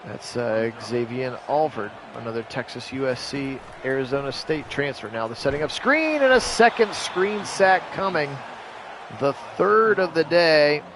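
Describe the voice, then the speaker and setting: A man calling a simulated football game on his own, jumping up loud on big plays and chatting with viewers in between. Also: mid-range voice, lively intonation, measured pace, noisy background. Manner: rises sharply and loud for big plays, chatty asides to live chat. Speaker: play-by-play host of video game sims. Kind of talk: solo play-by-play commentary on a simulated game.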